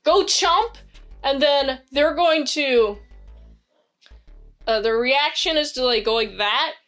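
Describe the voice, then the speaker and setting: A woman casually recapping and reviewing a TV episode in a rambling, excitable way, full of fillers. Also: sits high, slow pace. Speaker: TV show reviewer. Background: faint background music.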